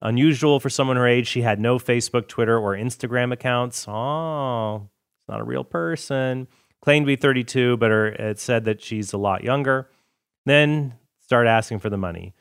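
A man's voice: mid-range voice, a little fast, clean tone, no echo, clean studio sound. A man hosting a show, talking casually with asides and brief mock voices. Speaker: podcast host. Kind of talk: casual commentary.

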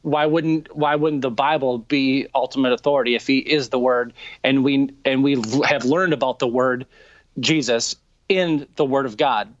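A man in a theological debate, asking earnest questions in a halting way with many restarts. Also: mid-range voice, fairly even intonation, dry recording. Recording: dull, dry lo-fi sound.

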